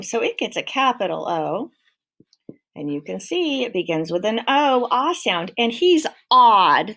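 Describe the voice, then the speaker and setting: A woman with a fairly high voice teaches a children's phonics lesson. She talks slowly and clearly, drawing out the vowel sounds so little learners can copy them. Her tone stays patient and encouraging. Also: fairly bright tone.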